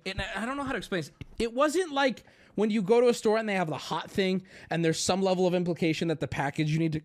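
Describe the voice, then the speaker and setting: Animated, foul-mouthed ranting man. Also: sits high. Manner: animated, profane, self-mocking, ranting. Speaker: streamer. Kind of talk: storytime rant on a livestream.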